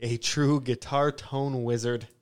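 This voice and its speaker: A man's voice: mid-range voice, steady tone, slow pace, smooth. A young man hosting a podcast, chatting loosely with plenty of ums. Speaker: podcast host. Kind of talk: casual podcast chat.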